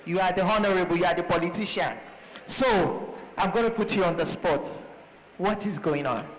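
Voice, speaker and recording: A man's voice: high-pitched, normal speed. A man moderating a panel, summarizing the speakers and putting them on the spot. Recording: long hall reverb.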